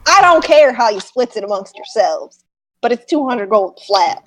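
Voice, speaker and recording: A woman's voice: fairly high pitch, expressive, moderate pace, poor audio. A woman voicing a folksy, cautious old male farmer with a put-on Southern accent, rambling and gossipy. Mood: amused. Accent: put-on Southern American.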